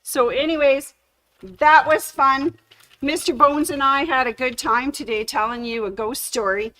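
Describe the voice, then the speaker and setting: A woman hosting a sewing channel livestream, telling a ghost story slowly and dramatically. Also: sits high, pushed and bright.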